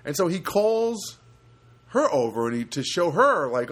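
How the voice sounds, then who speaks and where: Male storyteller, lively swooping voice, rambling comic monologue with voice impressions. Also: measured pace, husky. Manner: animated, jumps to high pitch for quoted voices and honk sounds; rambling with frequent restarts and asides. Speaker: comedic storyteller.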